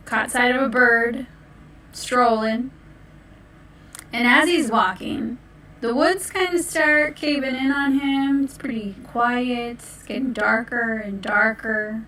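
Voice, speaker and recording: Slow, playful woman storyteller. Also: on the high side, a bit bright. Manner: playful, unhurried. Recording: roomy, distant mic.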